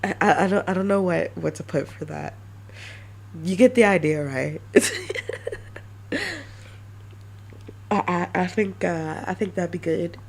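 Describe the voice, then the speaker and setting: A woman streamer chatting casually and brainstorming ideas, halting with many restarts. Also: lowish voice, gravelly. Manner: halting, many restarts, self-mocking laughs.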